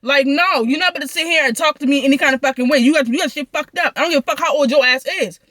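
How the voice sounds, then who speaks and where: A woman's voice: sits high, fairly bright tone, no room sound. A young woman venting through a profane, heated storytime rant. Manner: heated, profane, rapid ranting.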